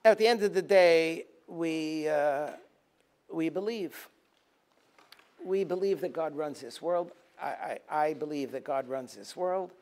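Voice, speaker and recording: A rabbi giving a teaching talk, telling stories and acting out their dialogue, sometimes rising to forceful emphasis and then dropping low. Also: male voice, measured pace. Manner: storytelling, acting out dialogue in a lively voice. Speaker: rabbi and lecturer. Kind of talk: Tisha B'Av teaching talk.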